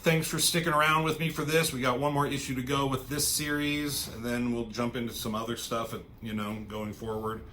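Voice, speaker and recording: A man casually reviewing a comic book storyline, rambling and excited, with casual swearing. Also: medium pitch, brisk, hardly any pauses, slight background noise. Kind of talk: casual chat.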